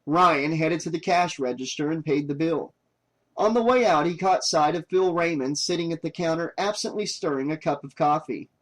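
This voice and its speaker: A man narrating an audiobook in a steady, even reading voice. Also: a little high, moderate pace, low-quality recording. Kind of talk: scripted narration.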